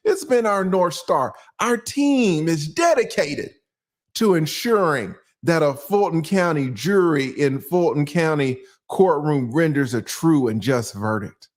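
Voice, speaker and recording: Animated man telling a legal story. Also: on the high side. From United States. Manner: animated storytelling, rhetorical questions, slangy. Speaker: attorney and legal commentator. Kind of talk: casual legal commentary.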